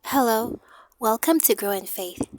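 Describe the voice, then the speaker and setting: A woman host giving a casual faith talk, quoting scripture with filler pauses. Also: on the high side, animated, very noisy.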